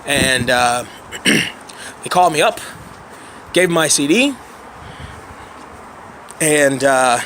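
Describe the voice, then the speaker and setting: A man in his thirties with a hoarse voice, rambling through a casual self-deprecating vlog monologue and often clearing his throat. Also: mid-range voice, animated, drawn-out words, pauses often, pushed and bright, slight background noise. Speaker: vlogger.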